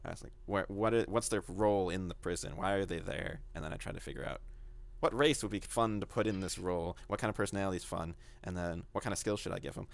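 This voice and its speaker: A man with a very low voice and a gravelly edge. He co-hosts a casual podcast and talks in a loose, rambling way about running his games. He keeps acting out his own thoughts as little quotes. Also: fairly even intonation, fast talker. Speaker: game master, podcast co-host.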